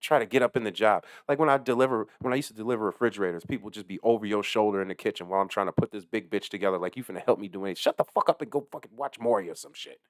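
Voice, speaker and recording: A man who works as a delivery driver, ranting casually to camera, heated and swearing heavily, swinging between low muttering and loud outbursts. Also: rapid-fire, few pauses, no room sound, studio quality. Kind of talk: casual profane rant to camera.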